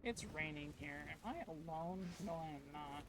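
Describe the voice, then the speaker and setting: A man streaming a video game, chatting casually to his viewers and getting loudly frustrated with the game. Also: on the high side, expressive, normal speed, background noise. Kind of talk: casual gameplay commentary.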